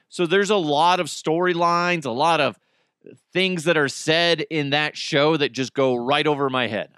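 A man's voice: medium pitch, a bit bright, smooth, no room sound, clean studio sound. A man hosting a casual solo podcast, joking and rambling, swearing freely and slipping into mocking voices. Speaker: podcast host.

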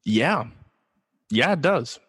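A man's voice: medium pitch, very animated, slow, a bit bright, slightly rough, in a large hall. A man from Los Angeles hosting his own sports talk show, casual and joking, asking himself rhetorical questions. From Los Angeles, USA. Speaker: podcast host.

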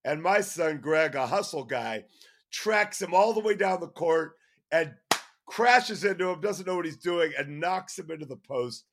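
Animated storytelling dad, slightly high voice. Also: male voice, a little slow, noisy background. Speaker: guest, host's father. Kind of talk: storytelling on a podcast.

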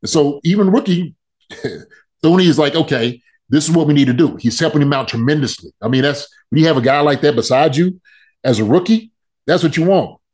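A man's voice: on the high side, lively intonation, brisk, darkish tone. A man chatting casually on a sports podcast, loose and joking, repeating phrases for emphasis.

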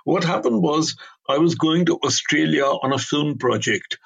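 A man's voice: fairly high pitch, moderate pace, gravelly, breathy edge, low-quality recording. An older man, an author in a conversational interview, talking in an emphatic, digressive way and giving blunt opinions.

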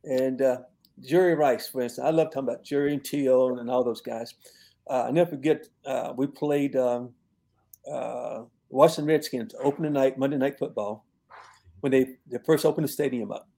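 An older man, a longtime football coach, telling relaxed stories in an interview and laughing at his own tales. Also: medium pitch, normal speed, creaky. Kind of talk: storytelling in an interview.

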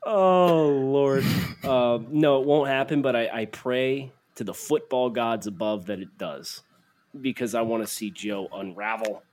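A man's voice: mid-range voice, fairly even intonation, normal speed, darkish tone, slight background noise. A young man co-hosting a casual sports podcast, reading listener takes aloud and teasing his partner. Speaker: podcast co-host.

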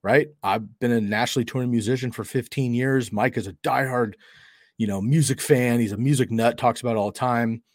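A man's voice: mid-range voice, fairly even intonation, a little fast, no echo. A middle-aged man hosting a podcast, telling a story in a casual, conversational way and acting out the quoted dialogue. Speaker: podcast host.

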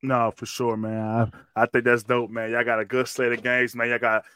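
Casual podcast host, man, bright and smooth voice, relaxed slang delivery, dry close sound. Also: medium pitch, moderate pace, no room sound. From Washington, D.C. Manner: laid-back slangy, says man a lot. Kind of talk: casual interview.

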